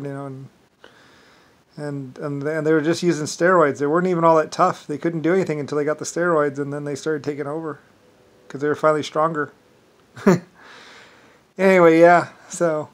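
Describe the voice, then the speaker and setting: A man speaking in a rambling, casual monologue, meandering and halting, with many fillers and restarts. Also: on the high side.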